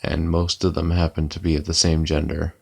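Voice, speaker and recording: A tired, yawning man chatting on a casual live stream in a lazy, deadpan monotone. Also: brisk, creaky, husky. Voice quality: monotone delivery. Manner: lazy, low-energy, deadpan. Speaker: livestreamer. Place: at home, lying back comfortably.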